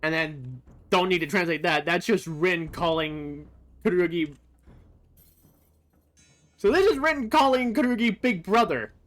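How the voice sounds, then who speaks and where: A streamer giving casual commentary over gameplay, comparing translations in a thoughtful, halting way with frequent pauses to sort out thoughts. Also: medium pitch, animated. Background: faint game music.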